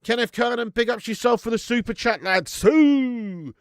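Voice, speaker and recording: A man's voice: extremely high pitch, fairly even intonation, a little fast, fairly bright tone, no room sound, clean studio sound. A man hosting a live football watch-along, reading out viewer chat and ranting bluntly with plenty of swearing. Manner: reads out viewer chat messages.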